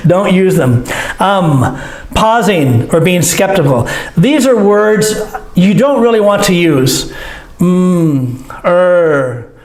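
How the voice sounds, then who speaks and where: A man teaching a language lesson, slowly acting out each sound he explains. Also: sits high. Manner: slow, demonstrative, acts out each sound. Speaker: English teacher. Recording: echoey room.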